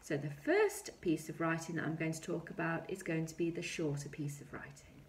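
A woman teaching a recorded lesson to young children, speaking slowly and clearly, reading her examples aloud with drama. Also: low-pitched, steady tone, a little hiss or hum. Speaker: primary school teacher. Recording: echoey room.

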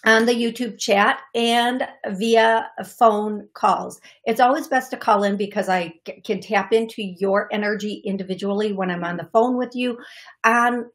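A woman's voice: mid-range voice, fairly even intonation, unhurried. A woman hosting a live call-in show as a psychic medium, chatting casually and greeting viewers by name in short bursts full of fillers and restarts.

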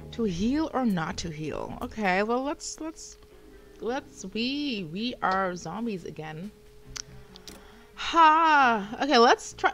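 A woman's voice: mid-range voice, fairly bright tone. A woman livestreaming a game, chatting casually and exclaiming when startled. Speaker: streamer. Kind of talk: casual gameplay livestream chat.

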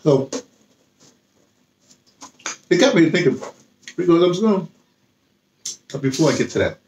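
A man's voice: a little high, very animated, measured pace, darkish tone, slight background noise. A man chatting casually about books he has read, rambling and restarting often. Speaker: vlogger. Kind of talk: casual book talk with reading aloud.

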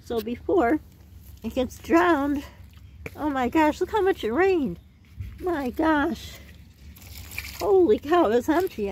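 A woman's voice: high voice, warm tone, slight background noise. A middle-aged woman chatting in a rambling way while gardening outdoors for her vlog, out of breath. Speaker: vlogger.

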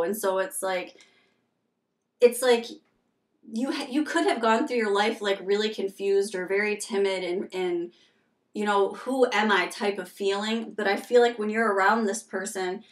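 A woman's voice: mid-range voice, moderate pace, reverberant, far from the mic. A woman giving a casual tarot reading, talking frankly and conversationally with many fillers as she tells personal stories. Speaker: tarot reader.

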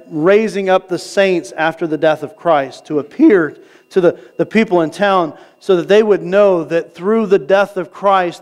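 A male pastor preaching a sermon in a casual, conversational way, often checking in with the congregation and slowing down to read scripture. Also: sits high. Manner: conversational preaching, asks the crowd "right?"; reads scripture slowly. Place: church sanctuary.

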